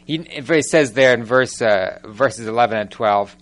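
A man preaching a sermon, telling the story with animated storytelling and firing rhetorical questions at the congregation. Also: medium pitch, a little slow. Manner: animated storytelling, acting out scripture characters.

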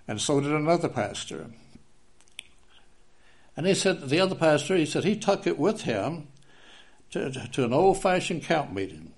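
A man's voice: a little high, very animated, moderate pace, gravelly, long pauses. An older man giving an informal sermon, telling folksy personal stories and repeating key phrases for emphasis. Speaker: preacher.

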